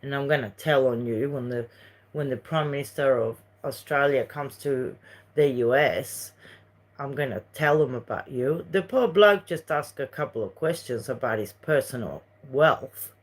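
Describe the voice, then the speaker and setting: A woman's voice: very deep voice, normal speed. A woman from Uruguay with a Uruguayan Spanish accent, chatting casually on a livestream, rambling between topics and reading viewer messages. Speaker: livestream host.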